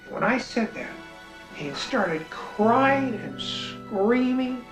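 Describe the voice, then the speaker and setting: A middle-aged man telling family stories in a reflective, halting way, often repeating words as he thinks. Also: sits high, lively intonation. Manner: thoughtful, repeats words as he searches. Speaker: author. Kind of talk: reflective interview voice-over. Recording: roomy sound with guitar music underneath.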